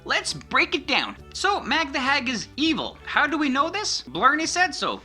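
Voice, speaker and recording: A woman's voice: sits high, wildly swooping pitch, moderate pace, few pauses, sharp tone, faint music behind. A woman giving a chatty, joking recap of a holiday special. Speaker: video reviewer. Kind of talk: casual plot recap.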